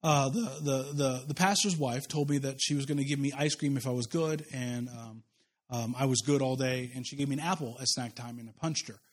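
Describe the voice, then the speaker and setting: A man's voice: medium pitch, brisk. A pastor from Kansas preaching a sermon to his church, mixing humorous personal stories with repeated rhetorical questions. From Kansas, USA. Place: church service.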